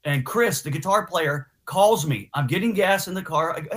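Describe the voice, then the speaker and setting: A guitarist guest telling stories in a casual interview, slangy and animated, acting out what others said. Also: male voice, a little high, moderate pace. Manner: animated storyteller, slangy, acts out quotes. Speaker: guest musician.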